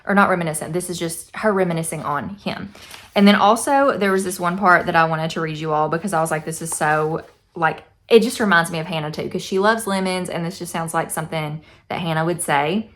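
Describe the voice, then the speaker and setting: A woman's voice: on the low side, brisk. A young woman in a casual book review vlog, chatty and effusive, reading passages aloud. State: teary-eyed. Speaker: book vlogger.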